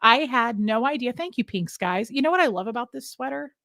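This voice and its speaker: A woman's voice: a little high, expressive, brisk, creaky, a bit bright, no room sound, studio quality. Rambling woman chatting on a livestream. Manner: rambling, jumps between topics, greets viewers by name. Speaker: livestream host. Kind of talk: casual live chat with viewers.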